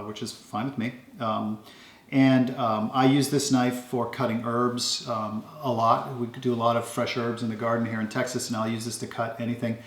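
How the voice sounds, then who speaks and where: A man casually showing off his kitchen knives at home, talking in a relaxed, rambling way with lots of ums. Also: mid-range voice, echoey room. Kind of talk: casual show-and-tell.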